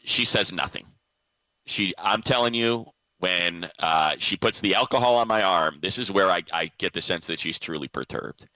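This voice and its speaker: A man's voice: low-pitched, normal speed, pushed and bright, no room sound, rough recording. A man hosting a sports radio show, telling a story in casual chat and laughing often. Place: radio studio.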